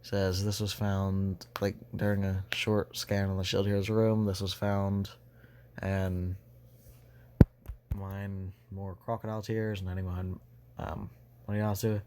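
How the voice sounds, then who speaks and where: A man's voice: low-pitched, flat delivery, unhurried, a little mellow. A young man casually retelling a fan story, rambling with many fillers and restarts.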